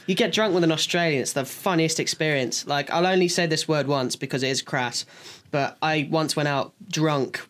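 A man's voice: fairly high pitch, moderate pace. Chatty English man telling stories. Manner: animated storyteller, slips into accent impressions. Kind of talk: casual chat.

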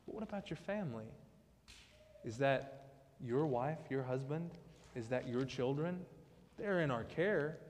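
A man's voice: medium pitch, expressive, unhurried, long pauses, darkish tone, big-room sound, slight background noise. A man preaching a conversational sermon with joking asides, as pastor of a church. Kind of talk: casual sermon. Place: church sanctuary.

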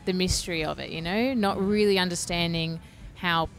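A woman's voice: lowish voice, steady tone, moderate pace, faint music behind. A woman chatting casually on a podcast. She talks in loose, rambling sentences full of fillers, restarts and little laughs. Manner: chatty, lots of "like" and "you know".

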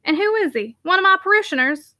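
A woman voicing a nimble, keen older male rector who fires off brisk, commanding questions. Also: extremely high pitch, lively intonation, pushed and bright, no echo, clean studio sound, voice pushed up, heavily acted.

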